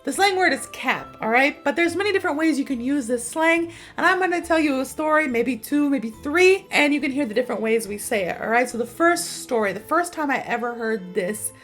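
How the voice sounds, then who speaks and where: Chatty high-voiced woman teaching slang. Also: brisk, hardly any pauses, soft background music. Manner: chatty, animated, acts out quotes. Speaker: English teacher. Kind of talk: casual storytelling lesson.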